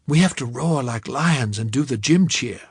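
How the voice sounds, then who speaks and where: A man voicing a cheerful, lively young woman who talks in a bubbly, teasing way. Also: mid-range voice, normal speed, slightly rough, dry recording, clean studio sound.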